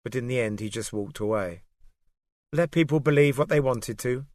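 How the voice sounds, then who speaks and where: A man narrating an audiobook in a steady, measured storytelling way. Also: mid-range voice, no room sound, clean studio sound. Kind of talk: scripted narration.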